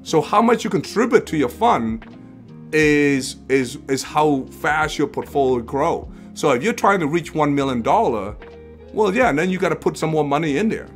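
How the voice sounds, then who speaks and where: A man's voice: on the high side, animated, moderate pace, soft background music. A man hosting an investing livestream in a casual, rambling way, with restarts and rhetorical questions. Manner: rambling, repeats phrases, asks rhetorical questions.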